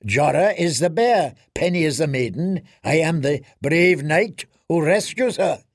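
A man voicing a sardonic, sharp-tongued male dwarf with a dry, mocking delivery. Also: a little high, animated, a little slow, no echo.

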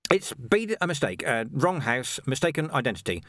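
Brief: male reader as a rough, desperate middle-aged watch commander in a storybook, barking demands, lively pitch, dry sound. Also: normal speed, no room sound. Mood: flustered. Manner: shouting, demanding.

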